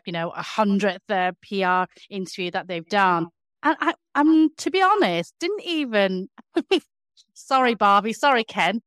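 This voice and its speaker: A woman's voice: mid-range voice, a bit bright, clean tone, no room sound, clean studio sound. A woman co-hosting a podcast, talking casually with many hesitations and fillers. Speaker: podcast co-host. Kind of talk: casual chat.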